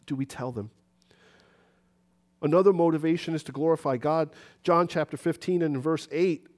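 Animated New preacher, high-pitched man. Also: moderate pace, pauses often. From New York City. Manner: animated, acts out conversations with rising pitch. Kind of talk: sermon. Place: church.

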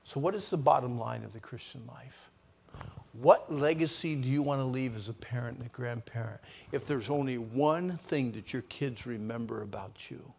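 Hombre mayor de voz áspera predicando un sermón. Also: male voice, medium pitch, vocal fry. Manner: animated storytelling, voice surging and dropping to near whispers. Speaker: preacher. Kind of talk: sermon with personal testimony.

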